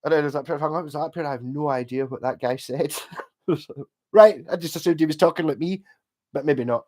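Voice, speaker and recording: A Scottish man talking casually on a livestream, his voice sitting a touch high. He rambles along, restarting sentences and swearing now and then. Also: fast, darkish tone. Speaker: livestream host.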